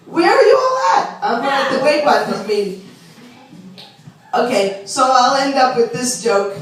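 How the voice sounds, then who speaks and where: A woman doing a chatty, self-deprecating stand-up set and teasing the audience. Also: on the high side. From Long Island, New York. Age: 60s. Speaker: stand-up comedian. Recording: echoey club room from far off.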